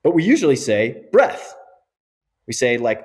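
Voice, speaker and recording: A man's voice: mid-range voice, big pitch swings, measured pace, a little mellow. Middle-aged male physio guest, emphatic explainer, interview podcast.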